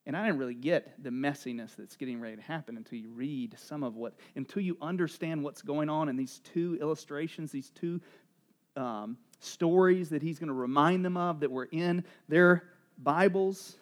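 A middle-aged man preaching a sermon as pastor, animated and joking as he acts out the voices of townspeople. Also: fairly high pitch, normal speed.

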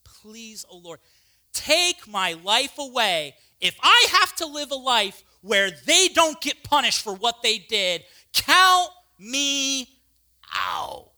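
A preacher voicing an angry, despairing male prophet who pleads bitterly and grows louder. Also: medium pitch, very animated, slow pace, long pauses, heavily acted. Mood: bitter pleading.

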